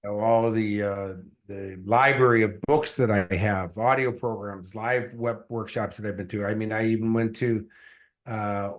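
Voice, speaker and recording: A man, a success coach and guest, telling his story in an earnest, animated way, with many fillers. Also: fairly low pitch. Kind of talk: casual interview storytelling.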